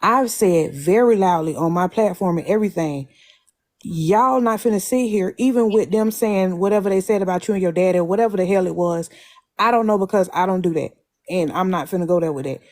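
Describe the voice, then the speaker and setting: Woman, lowish mellow voice, emphatic, moralizing, drawn-out phrases, panel argument. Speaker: live stream panelist. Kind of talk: heated casual argument.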